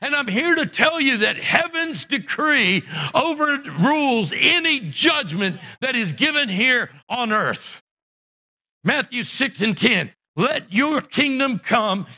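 A man preaching a sermon as pastor of a church, impassioned, rising to shouts and acting out the voices of Bible characters. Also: very high voice, expressive, slow pace. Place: church sanctuary.

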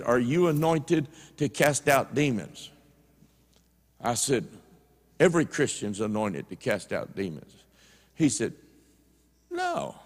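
A man's voice: fairly high pitch, in a large hall. A man preaching a sermon in a church, telling stories in a folksy way and retelling conversations line by line. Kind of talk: sermon storytelling. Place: church sanctuary.

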